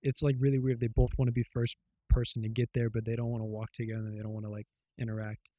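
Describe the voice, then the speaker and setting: Fast-talking and warm-toned, this podcast co-host has a mid-range voice with little pitch movement, recorded dry. In casual conversation he recounts stories in a loose, rambling way, peppered with fillers and curse words.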